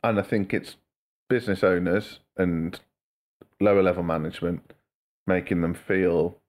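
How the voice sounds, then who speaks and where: A man's voice: sits low, steady tone, moderate pace, darkish tone. A man co-hosting a podcast, chatting casually and telling stories with mocking voices. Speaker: podcast co-host.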